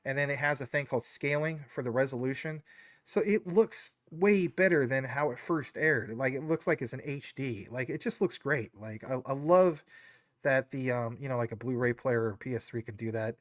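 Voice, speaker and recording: Speaking at normal speed in a medium pitch, a man hosts a live stream, wandering through tangents and lots of fillers in a casual, rambling way. His nose is a bit stuffy and he's a little choked up, and the studio-quality audio has no echo.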